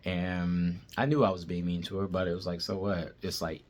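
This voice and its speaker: A man's voice: sits low, level tone, brisk. A man telling a personal story in a casual, blunt, plain-spoken way.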